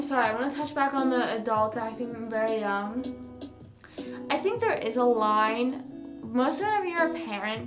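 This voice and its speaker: A young woman hosting a livestream, chatting casually with viewers, rambling and correcting herself with lots of fillers. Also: on the high side. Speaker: livestream host. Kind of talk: casual chat with live viewers. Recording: roomy sound with music behind. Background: music.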